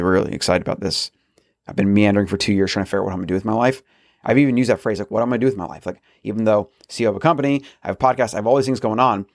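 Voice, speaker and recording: A man's voice: fairly low pitch, dry recording, studio quality. A man hosting a solo podcast, talking earnestly in a rambling way with frequent restarts. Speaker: podcast host.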